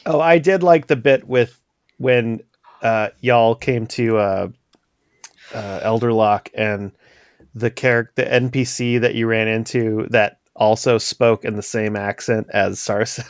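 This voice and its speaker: A man's voice: medium pitch, steady tone, unhurried, clean tone, no room sound, studio quality. A man chatting casually with castmates in a group recap, laughing often and restarting sentences.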